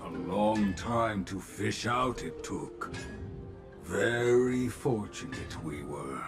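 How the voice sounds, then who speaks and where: A man's voice: on the low side, lively intonation, slow. An actor voicing a wise old craftsman who speaks with inverted word order in a game. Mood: calm. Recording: game cutscene with clear music behind.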